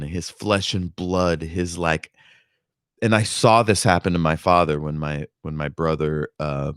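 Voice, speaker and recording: A man's voice: extremely low pitch, fairly bright tone, smooth, no echo, studio quality. A man giving casual, rambling commentary on a book, swearing freely. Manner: rambling, profane, full of fillers and restarts. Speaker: reader and commentator.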